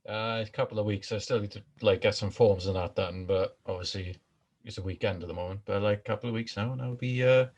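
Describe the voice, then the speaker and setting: A man's voice: lowish voice, steady tone, fast, darkish tone. A young man in his twenties, chatting casually and wryly correcting his friends on a podcast. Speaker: podcast co-host. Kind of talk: casual chat among friends.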